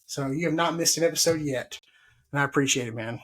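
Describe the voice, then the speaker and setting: A man's voice: on the high side, fast talker, a bit bright, a little hiss or hum. A man hosting a casual gardening podcast, rambling and joking with his guests. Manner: rambling, jokey, laughs often. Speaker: podcast host.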